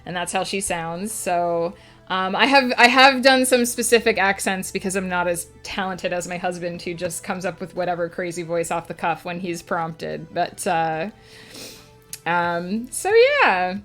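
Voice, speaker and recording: A woman's voice: on the low side, a little slow, a bit bright. Chatty woman streamer with faint music. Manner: chatty, reads and answers chat aloud with many fillers. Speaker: writing streamer. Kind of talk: casual live-stream chat.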